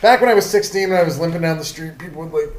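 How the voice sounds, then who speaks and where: A man's voice: a little high, very fast. A man from Canada hosting a solo comedy podcast, rambling loosely from one aside to the next with lots of fillers.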